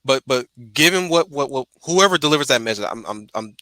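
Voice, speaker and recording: A man's voice: medium pitch, animated, a little fast, pushed and bright. A man hosting a casual stream discussion, talking in stumbling restarts and repeated words. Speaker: host.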